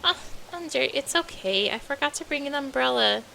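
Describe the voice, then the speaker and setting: A woman voicing a tearful, apologetic young woman who speaks in a shaky, halting way, with game music behind. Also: sits high, animated, gravelly, bright, forceful tone, slight background noise, voice pushed up, heavily acted. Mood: hesitant.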